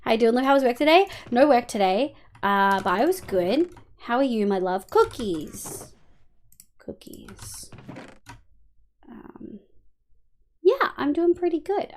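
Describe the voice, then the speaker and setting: An Australian woman streams a game and chats with her viewers in a loose, unscripted way. Her voice sits a little high and swoops all over as she thinks aloud, with the odd casual swear word. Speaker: live streamer. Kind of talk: casual gameplay chat answering viewers.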